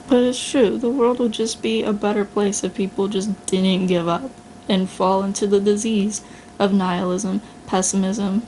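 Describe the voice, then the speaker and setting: Blunt, gravelly-voiced woman giving a pep talk. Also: mid-range voice, a little mellow, slight background noise, rough recording. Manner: blunt, earnest, casual, addresses listener as "you". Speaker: vlogger. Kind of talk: motivational self-talk monologue.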